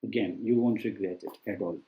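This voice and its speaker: A man's voice: lowish voice, a little fast, mellow. A man giving casual book recommendations as a test-prep teacher, talking loosely with many fillers and restarts. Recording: echoey room.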